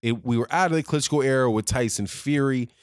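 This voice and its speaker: A man's voice: medium pitch, brisk, smooth, no echo, clean studio sound. A man ranting heatedly as a boxing commentator, slangy and repeating his points for emphasis. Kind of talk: ranting opinion vlog.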